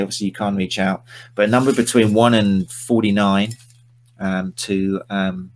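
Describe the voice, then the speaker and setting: A man's voice: lowish voice, creaky. A man hosting a casual live-stream chat, teasing and rambling with his guest. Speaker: podcast host.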